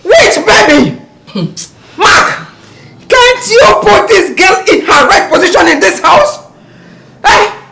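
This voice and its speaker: An actress with a Nigerian accent playing an older widowed mother, indignant and shouting. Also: very high voice, lively intonation, slow pace, gravelly, long pauses, heavily acted. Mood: furious. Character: furious widowed mother defending her family. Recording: echoey room, loud noise.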